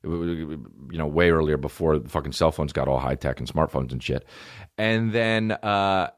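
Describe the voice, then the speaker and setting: A man hosting a podcast, telling comedic stories in a profane, animated way and acting out the people he quotes. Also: extremely low pitch, normal speed. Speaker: podcast host. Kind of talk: comedic storytelling.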